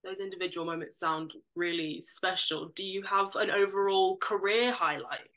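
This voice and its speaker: A woman's voice: mid-range voice, steady tone, normal speed, a bit bright. Woman interviewer asking a question. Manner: brief questions.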